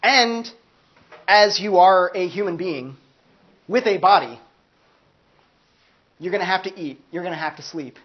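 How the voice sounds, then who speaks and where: A man's voice: sits high, unhurried, long pauses, highs cut off. Man lecturing casually in a classroom. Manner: conversational, peppers speech with "like", acts out quoted voices. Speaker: philosophy lecturer. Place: university classroom.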